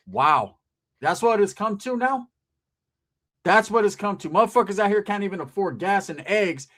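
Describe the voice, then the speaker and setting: A middle-aged man talks to camera in a casual commentary monologue. His voice sits fairly high for a man. He speaks bluntly, in profane street slang. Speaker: commentary channel host.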